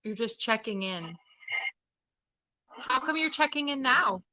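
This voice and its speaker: A woman hosting a live-streamed seance, listening to a spirit box and puzzling over faint messages in a hushed way. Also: a little high, animated, a little slow, no room sound, muffled recording. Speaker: host.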